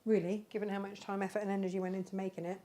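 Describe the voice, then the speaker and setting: She talks at a racing speed in a mid-range, mellow voice, though her delivery stays flat. The setting is a casual live-stream product chat on her crafting channel, where she rambles chattily and lovingly about the handmade bags on offer.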